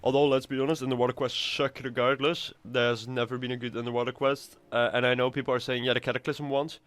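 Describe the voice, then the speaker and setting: A man's voice: mid-range voice, flat delivery, quick pace, a bit bright. A man giving casual, rambling gameplay commentary, swearing now and then. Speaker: gamer.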